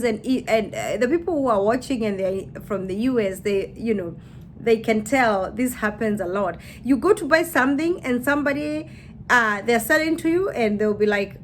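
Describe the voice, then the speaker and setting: A woman's voice: a little high, animated, moderate pace, slight background noise. A woman chatting casually to her camera, laughing as she acts out what people say. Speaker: YouTuber.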